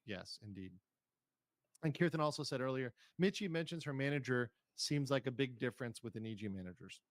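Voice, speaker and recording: A man's voice: medium pitch, lively intonation, brisk, no echo, studio quality. A man hosting a stream, commenting on clips and reading chat aloud in a careful, hedging way. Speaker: streamer host. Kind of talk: casual commentary reacting to clips.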